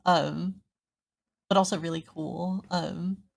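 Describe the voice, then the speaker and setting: Gravelly low-voiced woman telling a story. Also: steady tone, moderate pace. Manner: rambling storyteller, many fillers. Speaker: guest streamer. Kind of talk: casual podcast chat.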